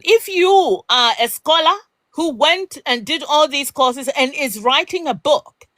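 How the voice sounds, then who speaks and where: A woman argues with emphatic, rhetorical force in a live discussion. Her voice sits high and bright, with wide swings of pitch. The sound is close and dry, with no room around it. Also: no room sound. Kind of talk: impassioned debate.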